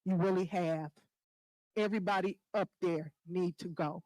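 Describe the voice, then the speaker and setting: A woman's voice: on the low side, steady tone, moderate pace, a little mellow, dry recording, rough recording. A woman resident giving a firm, disappointed public comment at a village board meeting.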